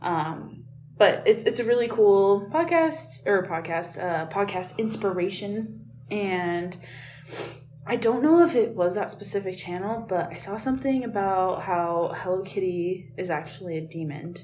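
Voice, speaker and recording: A woman co-hosting a podcast in casual chat, her voice groggy and hoarse, rambling with fillers and restarts. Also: medium pitch, expressive, unhurried, a little mellow, a little hiss or hum. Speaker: podcast co-host. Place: tiled hotel room. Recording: echoey tiled room.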